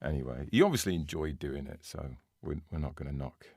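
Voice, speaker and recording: A British man co-hosting a podcast in easy, self-deprecating chat. His voice sits low but swings around animatedly. The close mic gives it a dry, intimate sound. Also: expressive, a little fast, creaky, darkish tone, no room sound. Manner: chatty, laughs easily, self-deprecating. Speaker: podcast co-host. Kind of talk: casual chat.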